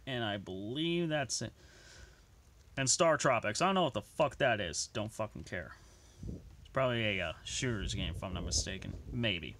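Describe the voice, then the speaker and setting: A man's voice: mid-range voice, pushed and bright. A young man ranting angrily about a list of video games, swearing constantly. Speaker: gaming vlogger.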